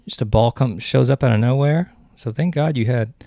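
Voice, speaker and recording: A man's voice: medium pitch, moderate pace, vocal fry, warm tone, no echo. A man hosting a comedy podcast, rambling through jokes and cutting himself off mid-sentence. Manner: rambling, self-interrupting, joking. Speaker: podcast host.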